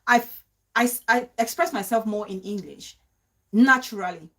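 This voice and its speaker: Reading comments from viewers on her live-stream vlog, this young adult woman speaks with a Cameroonian accent at normal speed. Her pitch sits fairly high. She hammers home each point and echoes it back as a rhetorical question.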